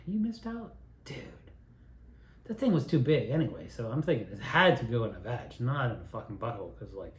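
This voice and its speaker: A man telling rambling childhood stories in a profane, digressive, animated way while sipping beer. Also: mid-range voice, echoey room. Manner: drinking beer while talking. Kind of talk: rambling personal storytelling monologue.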